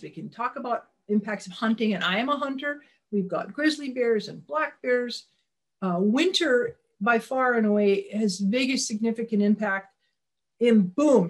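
A woman giving a conversational slide presentation on wildlife, speaking in a folksy, plainspoken way, often restarting her sentences and calling for the next slide. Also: fairly high pitch.

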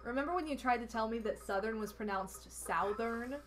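A young woman live-streaming a party card game, chatting casually and teasing her partner with animated exclamations. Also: fairly high pitch, fast talker, slight background noise.

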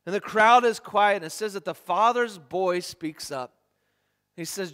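A man's voice: high voice, unhurried, pushed and bright, clear, resonant tone, big-room sound. A man preaching a sermon, reading scripture aloud in an earnest way with frequent restarts. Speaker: pastor. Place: church.

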